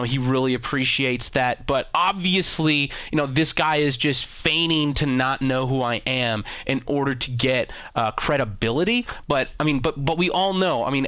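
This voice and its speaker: Male gaming host, deadpan sarcastic commentary, smooth voice, dry close mic. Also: medium pitch, no echo. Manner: deadpan mock-arrogant boasting.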